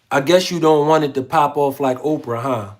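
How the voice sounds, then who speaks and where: A man hosting a casual livestream, reading viewer comments aloud in a slangy, laid-back way. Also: fairly high pitch. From Philadelphia. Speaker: livestream host.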